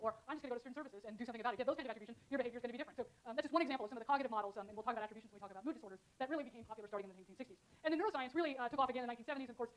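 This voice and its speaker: A middle-aged woman giving a university lecture in a loose, conversational way, with lots of ums and uhs. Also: a little high. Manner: fast, filler-heavy, conversational explaining. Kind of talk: classroom lecture. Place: lecture hall.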